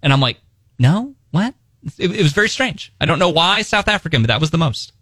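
A man's voice: fairly high pitch, fast, no room sound. Young guy on morning radio, rambly storyteller, bouncy up and down voice, dry studio sound. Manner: rambling, animated storytelling with restarts and laughs. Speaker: radio morning show co-host. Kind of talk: casual on-air chat. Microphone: studio microphone.

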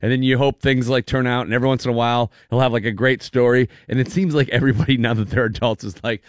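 A middle-aged man hosting a casual morning radio show, telling stories in an animated way and often slipping into loud put-on voices. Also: mid-range voice, fast, no room sound, clean studio sound. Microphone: studio microphone.

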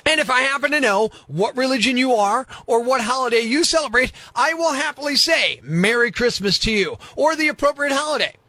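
High, bright-voiced man ranting on radio. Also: expressive, fairly quick, few pauses, no room sound. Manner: sarcastic, exasperated ranting. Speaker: radio show host. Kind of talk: comedic radio rant.

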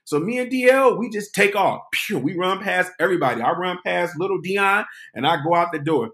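Man, high voice, comic storyteller, animated, dramatic. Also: a little fast. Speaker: podcast host. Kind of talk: comedic storytelling.

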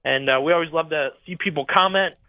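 A man's voice: on the high side, quick pace, no echo. A man in his twenties, a radio sports reporter, calling in and eagerly promoting coverage. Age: 20s. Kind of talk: casual radio talk. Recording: tinny phone line.

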